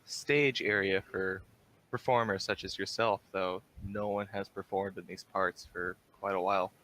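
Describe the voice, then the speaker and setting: A man voicing a shrewd male tavern bartender in a tabletop game, speaking calmly and evenly. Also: low-pitched, normal speed, slight background noise.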